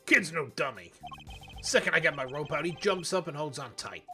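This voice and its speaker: A man voicing a tough male prison inmate boxer in a thick put-on Bronx accent, streetwise and gravelly. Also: fairly high pitch, animated, sharp tone, soft background music. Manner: streetwise, growling, drawn-out.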